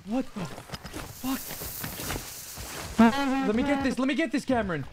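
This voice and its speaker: High-pitched man shouting game callouts. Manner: loud rapid team callouts, shouting. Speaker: gaming streamer. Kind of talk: excited gameplay commentary. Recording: gameplay noise under voice. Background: game sounds and clicks.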